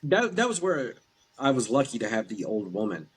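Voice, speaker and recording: A man from Eastern Kentucky with an Appalachian accent, a podcast guest telling ghost stories in a relaxed, rambling way. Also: medium pitch, normal speed, slightly rough, low-quality recording. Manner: relaxed, rambling anecdotes with restarts. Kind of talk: casual storytelling chat.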